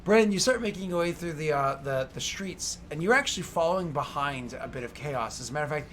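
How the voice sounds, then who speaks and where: Animated game master, bright voice. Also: male voice, fairly high pitch, fairly quick, a little hiss or hum. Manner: animated, full of fillers. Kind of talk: narrating a tabletop game.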